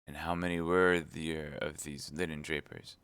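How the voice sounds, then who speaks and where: Shrewd commanding cardinal, low voice, measured interrogation, read by a man. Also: level tone, a bit bright, smooth, no room sound. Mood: probing. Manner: measured, probing questions. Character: cold, shrewd older male cardinal, commanding.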